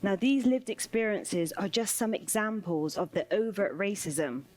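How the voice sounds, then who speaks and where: A woman delivering a spoken word performance in a measured, rhythmic way, returning to repeated refrains. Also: mid-range voice, darkish tone. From United Kingdom.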